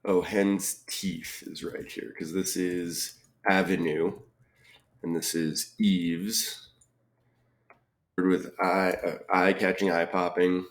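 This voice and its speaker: A man solving a crossword puzzle aloud, reading clues and thinking out loud with frequent ums and muttered asides. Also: sits low, little pitch movement, takes it slowly, gravelly. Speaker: crossword reviewer.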